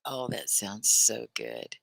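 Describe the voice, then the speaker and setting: A woman's voice: very deep voice, very animated, takes it slowly, creaky, a bit bright, dry recording. Upbeat chatty woman teaching English live. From Texas, United States. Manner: chatty, upbeat, laughs often, asks viewers questions. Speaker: ESL teacher hosting a live class. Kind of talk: live online English lesson, reading viewer comments.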